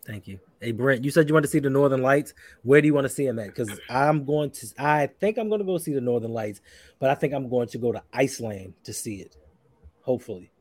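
A man's voice: mid-range voice, quick pace, a little mellow. A man from Baltimore with a Baltimore accent, hosting a casual podcast chat in an easygoing, teasing way. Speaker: host.

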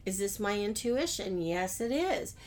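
Hosting her business podcast solo, a woman addresses listeners conversationally and warmly, using rhetorical questions. Her mid-range voice has a darkish tone and big pitch swings, and she speaks unhurriedly.

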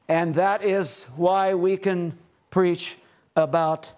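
A middle-aged man preaching a sermon at a family retreat, rising to loud exhortation and dropping to hushed, low phrases. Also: level tone, slow pace.

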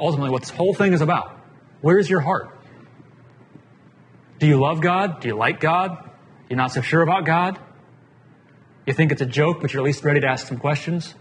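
A man preaching a casual sermon as pastor, plain-spoken and conversational, often putting questions to the congregation. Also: medium pitch. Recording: long hall reverb, faint room noise.

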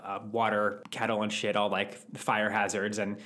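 Low-voiced man telling stories casually. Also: flat delivery, normal speed, pushed and bright. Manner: loose, swearing, breaks into laughter. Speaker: podcast co-host. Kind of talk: casual chat, storytelling.

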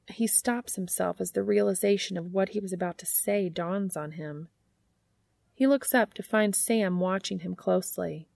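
Woman narrating fanfic, gravelly, close dry mic. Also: on the low side, normal speed, a little mellow, dry recording. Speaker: fan fiction reader. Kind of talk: audiobook narration.

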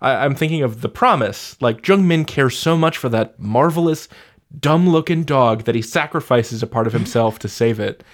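Male interview host, mid pitch, effusive and excited. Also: moderate pace. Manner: enthusiastic, effusive praise. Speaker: podcast host. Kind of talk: casual interview.

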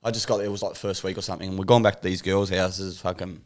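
A young man in casual chat, telling an expressive, swear-filled story. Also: low-pitched, fast talker.

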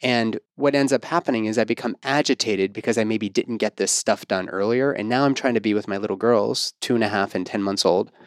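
A man in his thirties hosting a podcast interview, talking in a self-assured, animated way and pushing his pitch up for emphasis. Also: fairly quick, hardly any pauses, dry recording, studio quality. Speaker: podcast host and fertility coach. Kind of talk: casual interview chat.

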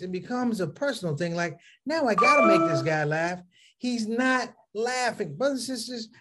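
Brief: middle-aged male comic, high voice, animated storyteller who acts out characters. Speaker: comedian. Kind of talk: stand-up comedy.

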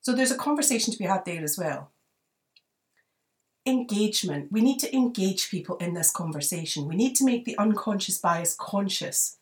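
A woman hosts a solo advice podcast, chatting conversationally and saying "you know" again and again. Her medium-pitched voice is expressive and moderately paced, though she sits far from the mic.

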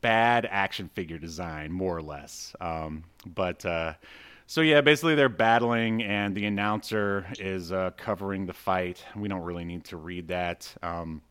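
A man's voice: low-pitched, measured pace, fairly bright tone, smooth. A man co-hosting a podcast, chatting casually about a comic book with lots of fillers. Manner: rambling, lots of fillers, reads dialogue aloud. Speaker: podcast co-host.

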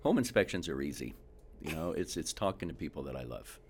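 Deep-voiced home inspector guy telling wild job stories, lots of restarts, bit of hiss. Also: a little fast. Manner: animated storyteller, acts out quotes, frequent restarts. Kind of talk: casual storytelling interview.

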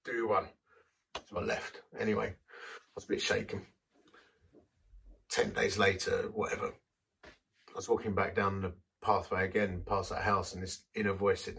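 A man's voice: sits low, flat delivery, normal speed, gravelly, long pauses, fairly bright tone, breathy edge, recorded from a distance. A man who is a vicar, telling a story in a sermon in a self-deprecating, anecdotal way and acting out the quotes.

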